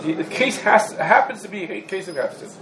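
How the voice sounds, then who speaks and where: A man's voice: high-pitched, lively intonation, a little fast. A man giving a halacha class in English, packed with Hebrew and Yiddish terms, in an echoey room. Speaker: Talmud teacher. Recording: echoey room, background noise.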